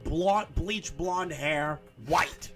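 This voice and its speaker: A man's voice: on the high side, drawn-out words, fairly bright tone, faint music behind. A man on a stream, mocking and exasperated in casual chat. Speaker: stream co-host.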